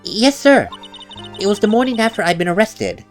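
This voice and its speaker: A man's voice: high voice, sing-song, normal speed, soft background music, pitched above the performer's own voice. A man voicing a timid, unlucky young woman who stammers and apologizes, reading a game's text aloud. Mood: nervous. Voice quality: stammering, hesitant.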